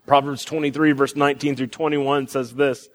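With a long hall reverb around him, a young male pastor, somewhere in his twenties or thirties, delivers a sermon at a normal speed. His mid-range voice is flat in delivery, and his conversational style includes fillers and restarts.

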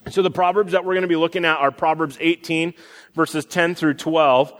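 A young male pastor preaches a sermon in a relaxed, conversational way, with fillers and false starts. His voice sits a little high for a man. It carries a long reverb, as if the sermon is being given in a church hall. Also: normal speed.

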